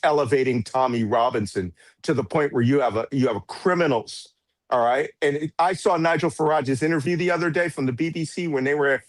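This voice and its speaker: A man's voice: mid-range voice, a little fast, dry recording. A man speaking as a political commentator guest in an interview, blunt and sarcastic, with mocking asides. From United States. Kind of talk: heated political interview talk.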